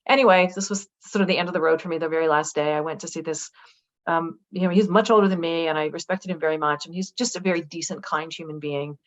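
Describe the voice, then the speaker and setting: A middle-aged woman, a guest author, telling a personal story in a casual interview. She talks in a lively way, acts out quoted dialogue and says "like" a lot. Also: low-pitched, fast talker, muffled recording. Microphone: video call.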